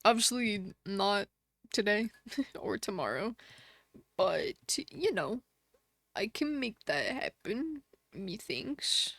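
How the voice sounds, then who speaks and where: A woman's voice: medium pitch, animated, slow, vocal fry, pauses often, no room sound, studio quality. A woman live streamer chatting casually with her viewers, reading their comments and laughing often.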